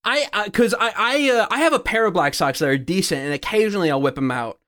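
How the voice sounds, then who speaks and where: A young adult man co-hosting a podcast, excitable and laughing, swearing freely. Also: high voice, fast talker. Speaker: podcast co-host. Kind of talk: casual podcast banter.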